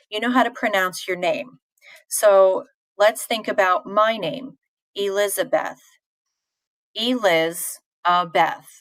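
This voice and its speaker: A woman's voice: on the low side, a bit bright, dry recording, poor audio. A woman teacher giving a live online poetry lesson, answering chat questions in a patient, informal way with fillers and restarts.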